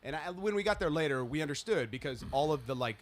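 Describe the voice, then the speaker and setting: A man in his thirties, a podcast co-host telling a story in casual chat, swearing freely and loudly acting out the people in it. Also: fairly high pitch, lively intonation, fast, a little hiss or hum. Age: 30s.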